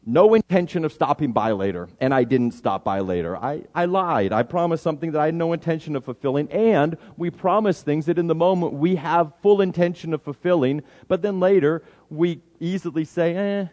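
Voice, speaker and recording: A man's voice: a little high, lively intonation, a little fast, few pauses, a little mellow. A man preaching a sermon, often restarting his words and acting out everyday excuses. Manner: stammering restarts, acts out quoted excuses. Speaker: pastor. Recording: long hall reverb.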